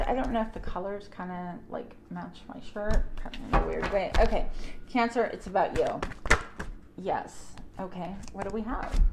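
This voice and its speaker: A middle-aged woman giving a casual tarot reading to her audience, chatty and animated, with playful asides. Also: medium pitch, vocal fry, noisy background. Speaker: tarot reader.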